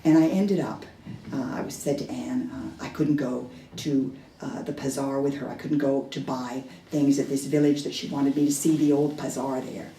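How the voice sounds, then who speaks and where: A woman's voice: rumbling low, steady tone, normal speed, mellow, slight background noise. A woman giving a dharma talk, telling a personal story in a candid, self-deprecating way, with hesitant restarts. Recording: echoey room heard from a distance.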